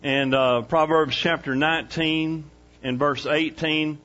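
Dynamic preacher with a dull, lo-fi sound. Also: male voice, on the high side, slow pace. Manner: swings from loud and excited to quiet and hushed, with laughs. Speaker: pastor. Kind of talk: sermon.

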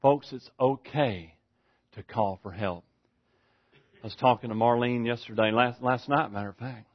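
A man preaching a sermon, swinging from hushed, slow scripture reading up to loud, shouted preaching. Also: medium pitch. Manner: reads scripture slowly and deliberately. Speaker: pastor. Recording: dull lo-fi sound.

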